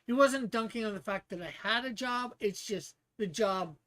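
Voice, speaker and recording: A livestream host chats casually with viewers, stumbling over words and restarting as the thoughts come. The voice sits at a middling pitch. Light laughs break up the rambling. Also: normal speed, few pauses, a bit bright. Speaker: streamer hosting a guessing game.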